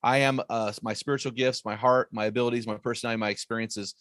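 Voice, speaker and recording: A man talks as a podcast guest in an energetic, emphatic way, hammering points home with repeated phrases. His voice sits at an ordinary middle pitch. The sound is dry and close, with no room around it. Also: fast talker, no echo. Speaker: guest author and speaker. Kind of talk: emphatic faith-based storytelling.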